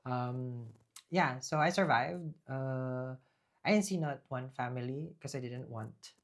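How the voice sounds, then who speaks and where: A man's voice: mid-range voice, slow pace. Rambling, emphatic male tarot reader. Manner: rambling, with frequent fillers and restarts; bursts into loud, emphatic talk. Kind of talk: casual spoken tarot reading with personal testimony.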